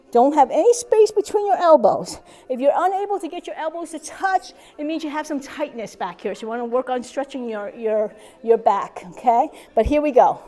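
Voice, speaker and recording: Fitness instructor, woman, high voice, encouraging, whooping, slightly winded. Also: warm tone. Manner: upbeat, encouraging, with cheering whoops. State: slightly out of breath. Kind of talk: guided chair exercise class. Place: senior center hall.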